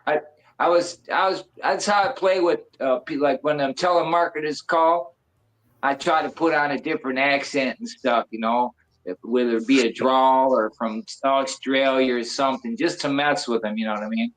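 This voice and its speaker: A man's voice: medium pitch, fairly even intonation, moderate pace, a bit bright, low-quality recording. A man in his sixties chatting casually on a stream, rambling, swearing and laughing often. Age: 60s.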